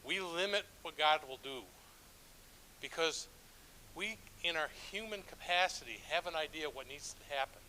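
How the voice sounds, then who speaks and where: A man's voice: on the high side, normal speed, bright, forceful tone, a little hiss or hum, low-quality recording. A middle-aged man, a church elder, preaching a sermon with stories in a conversational, self-deprecating way, with frequent restarts. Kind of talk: sermon with storytelling.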